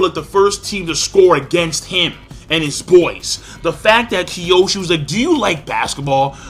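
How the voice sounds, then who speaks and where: Man, casual spoken review, excitable, bright forceful voice, slightly high pitch. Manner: excitable, acts out characters' lines with big pitch jumps. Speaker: anime reviewer.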